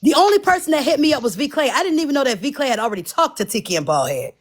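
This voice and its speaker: Woman, fairly high and very animated voice, profane storytelling with quoted dialogue, faint hiss. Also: racing. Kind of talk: casual livestream storytelling.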